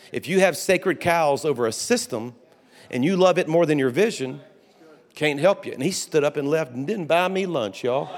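A man pastor, telling folksy stories in a sermon full of restarts and asides. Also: on the high side. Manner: folksy storytelling with restarts and laughter. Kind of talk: conference sermon. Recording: long hall reverb.

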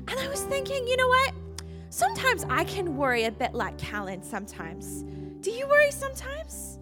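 High-voiced woman preaching to children. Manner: lively and questioning at first, then soft and earnest. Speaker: children's ministry speaker. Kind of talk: children's sermon to a live audience.

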